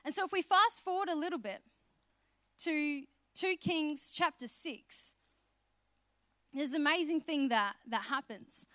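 This woman's voice sits high and sharp, delivered at a measured pace with long pauses. She preaches a sermon by telling Bible stories in a conversational style, voicing the characters herself. The recording is dry and clean, like a studio.

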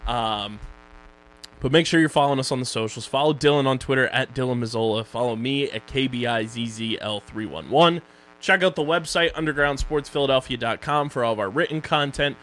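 A man's voice: mid-range voice, fairly quick, fairly bright tone. A young man co-hosting a casual podcast about streaming shows, joking loosely as he runs through social plugs and sponsor reads. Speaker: podcast co-host.

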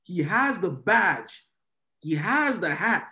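A man with a somewhat high voice talks casually about church life. He lays out his point through plain, everyday examples, in a conversational tone. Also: very animated, slow pace, pushed and bright. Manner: conversational, explains with vivid examples.

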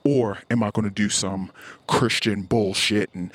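Husky, profane man ranting on a podcast. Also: on the low side, steady tone, a little slow, a bit bright, dry recording. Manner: blunt, profane, heated ranting. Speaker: podcast host. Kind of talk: casual podcast monologue.

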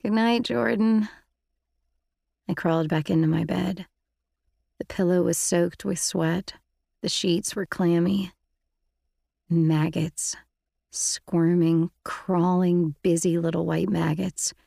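A woman's voice: lowish voice, flat delivery, slow pace, gravelly, mellow, dry recording, studio quality. A woman reading an audiobook in the first person, with intimate, reflective storytelling. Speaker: audiobook narrator.

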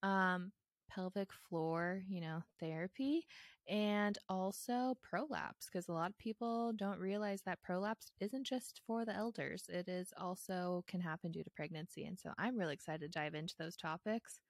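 Young woman musing in a low, dry voice. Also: normal speed, dry recording. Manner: reflective, lots of fillers, laughs easily. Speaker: podcast co-host. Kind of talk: casual chat.

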